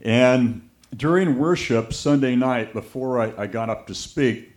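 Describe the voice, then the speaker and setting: A man's voice: medium pitch, unhurried. Storytelling male preacher. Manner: lively anecdotal delivery, acts out quoted voices. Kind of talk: sermon storytelling.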